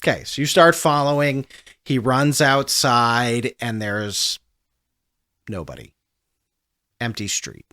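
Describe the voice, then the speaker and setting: A man runs a tabletop role-playing game as game master, his voice at a middling pitch. He narrates in a loose, rambling way, full of fillers. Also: slow, long pauses, bright, forceful tone.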